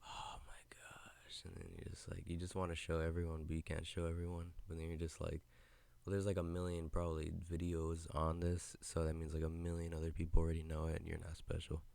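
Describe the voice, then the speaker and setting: A young man hosts a casual solo podcast, rambling in a loose, laid-back way with frequent swearing. His voice is very low, gravelly and dark. He sits close to a podcast mic in a dry, dead-sounding space. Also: completely flat delivery, quick pace, no room sound. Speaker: podcast host. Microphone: podcast mic with headphones.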